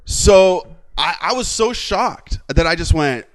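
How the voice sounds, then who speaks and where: A man's voice: high voice, slow, no echo. A man co-hosting a podcast, telling a rant story with lots of swearing and acted-out quotes. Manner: animated storyteller, swears freely, acts out quotes. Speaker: podcast co-host. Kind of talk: casual chat.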